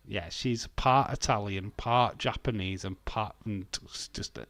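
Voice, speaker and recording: Male stream host, slow and easygoing, joking with viewers. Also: fairly low pitch, gravelly, a bit bright, dry recording. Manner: joking, laughs often, chats with viewers. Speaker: watch-along stream host. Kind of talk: casual live commentary.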